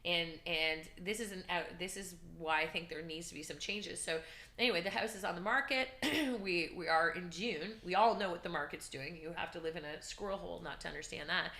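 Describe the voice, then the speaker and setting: Woman, podcast guest, energetic chatty storyteller, bright tone, echoey room. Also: fairly low pitch, a little fast. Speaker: real estate coach and guest. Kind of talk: casual podcast chat. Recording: roomy echo.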